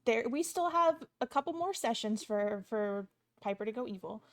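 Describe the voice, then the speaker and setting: A woman's voice: on the high side, animated, moderate pace. A woman playing a tabletop role-playing game, chatting casually and hesitantly, with fillers. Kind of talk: casual chat.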